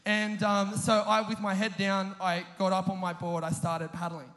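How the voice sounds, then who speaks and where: A young man preaching a sermon, telling a funny story about himself in an animated way and often laughing as he talks. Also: high-pitched, normal speed. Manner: animated, self-mocking, often laughing mid-sentence. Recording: long hall reverb.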